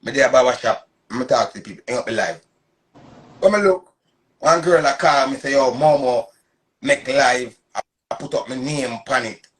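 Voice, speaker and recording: A man's voice: mid-range voice, normal speed, slightly rough. A man in his thirties with a Jamaican Patois accent, ranting on a casual live stream in an emphatic, repetitive, boastful way. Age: 30s.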